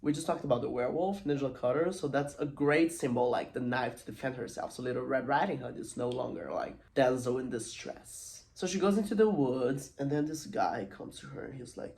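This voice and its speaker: A man retells a film for his analysis vlog in a chatty, animated way, sprinkling in "like" and acting out lines. His mid-range voice carries a steady gravelly creak. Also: medium pitch, brisk, hardly any pauses, slight background noise. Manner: animated, chatty, many "like" fillers, acts out quotes.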